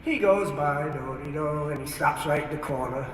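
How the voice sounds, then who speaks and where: A man's voice: fairly high pitch, normal speed, a bit bright, slight background noise. A man, from New York, earnestly telling his life story as a testimony and acting out his own past words. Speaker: speaker giving a testimony. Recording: echoey hall, distant mic, archive.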